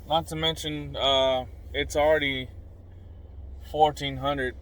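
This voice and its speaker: A man talking in a casual vlog monologue, animated and blunt as he rants, recorded inside a car. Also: on the high side, takes it slowly, low-quality recording. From Southern California desert. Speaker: vlogger.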